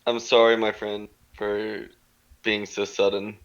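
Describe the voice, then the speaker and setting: A man's voice: lowish voice, flat delivery, takes it slowly, fairly bright tone. Man on a dull lo-fi mic. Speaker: player. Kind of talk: casual tabletop game chat.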